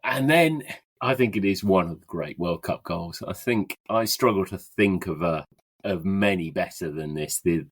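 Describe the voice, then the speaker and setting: A man on a football podcast, chatting in a relaxed, reflective way. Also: deep voice, normal speed, breathy edge. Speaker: podcast co-host. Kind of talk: casual football chat.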